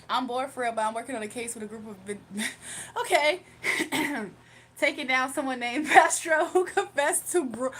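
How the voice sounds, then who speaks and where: A woman's voice: high voice, animated, moderate pace, a bit bright. A woman from Virginia hosting a live stream, chatting casually, reading viewer comments, and teasing them playfully with frequent laughter. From Virginia, USA. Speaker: livestream host.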